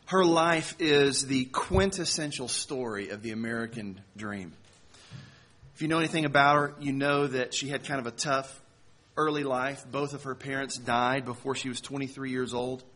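A man delivering a sermon to a congregation, telling a story in a conversational way with slow, emphatic phrasing. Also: mid-range voice, fairly bright tone. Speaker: pastor.

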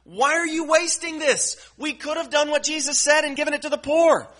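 A man voicing indignant male onlookers, putting on a high, incredulous scolding tone while reading a gospel passage. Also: steady tone, normal speed, bright, forceful tone.

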